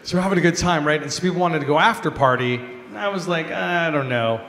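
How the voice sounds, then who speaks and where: Animated man telling a story in an echoey hall. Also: a little high, quick pace. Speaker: comedian. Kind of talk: storytelling at a gala. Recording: echoey hall, faint noise.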